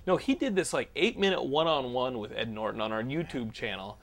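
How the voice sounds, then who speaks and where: A man hosting a casual podcast, talking loudly and excitably, swearing and laughing often. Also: mid-range voice, fairly quick, gravelly. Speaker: podcast host.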